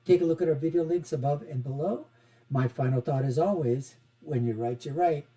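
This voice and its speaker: A man hosting a political commentary show, mocking and animated, swinging from loud outbursts to quiet asides. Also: on the high side, a little fast, poor audio. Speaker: host.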